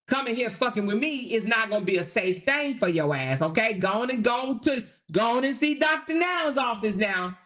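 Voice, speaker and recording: A woman's voice: fairly high pitch, lively intonation, normal speed, few pauses, a bit bright. A brash woman rants on her own livestream, combative and swearing freely. She talks straight to her viewers and keeps checking in with them as she goes. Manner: addresses viewers directly with repeated "okay?". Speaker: livestream host. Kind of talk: profane live-stream rant.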